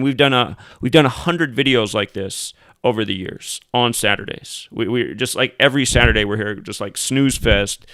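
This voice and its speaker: A man holds forth in a heated monologue, cursing and jeering at his listeners. His voice is smooth and full, heard close up with no room sound at all. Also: mid-range voice, pushed and bright, dry recording. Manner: profane, angry, mocking outbursts. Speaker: host. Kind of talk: ranting commentary monologue.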